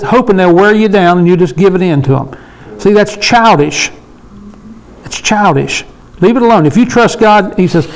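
A man's voice: high voice, normal speed, a little mellow, rough recording. A man in his sixties leading a casual Bible study discussion, emphatic and repeating his points for stress. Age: 60s.

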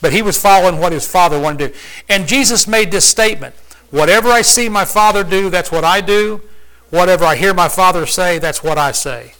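Folksy man preacher, high and bright, teaches casually and quizzes the room. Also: a little fast, poor audio. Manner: folksy, conversational, asks the listeners questions. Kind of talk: informal Bible teaching.

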